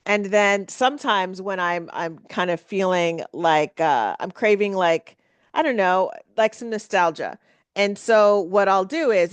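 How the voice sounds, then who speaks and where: A woman's voice: fairly low pitch, dry recording. Rambling woman host, dry close sound. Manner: rambling, many fillers and restarts. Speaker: podcast host. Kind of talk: casual solo podcast chat.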